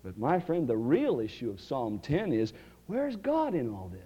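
A male preacher, delivering a sermon with dramatic swings from loud cries to near-whispers. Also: medium pitch, wildly swooping pitch, moderate pace, husky.

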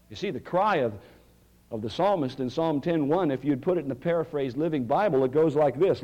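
A male pastor preaching a sermon in a church, swinging from loud, rising cries to hushed, quiet lines. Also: a little high, animated, a little fast, dull audio.

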